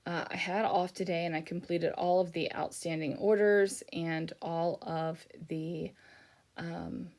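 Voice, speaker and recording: A middle-aged woman talks through a craft video in a relaxed, rambling voiceover, her voice sitting a little low. She sounds worn out, yawning between thoughts and filling pauses with frequent ums. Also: gravelly. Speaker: scrapbooking YouTuber. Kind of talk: casual voiceover chat.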